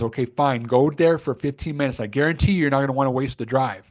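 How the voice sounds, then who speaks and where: A man co-hosting a podcast, coaching listeners in an earnest, emphatic style. His voice sits at an ordinary middle pitch, and he leans hard on his key points. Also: fast talker. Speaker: podcast co-host. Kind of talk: casual motivational chat.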